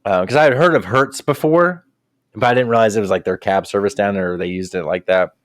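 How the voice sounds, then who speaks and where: A man's voice: on the low side, fairly quick, no room sound. A young man, a podcast co-host, telling a long travel story in a casual, profane way and acting out the people in it. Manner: profane, animated retelling with quoted voices.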